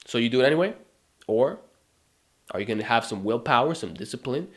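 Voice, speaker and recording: A man's voice: mid-range voice, lively intonation, brisk. A man giving a motivational fitness monologue to camera, emphatic and full of rhetorical questions. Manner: emphatic, rhetorical questions, mocking put-on whines. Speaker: fitness YouTuber.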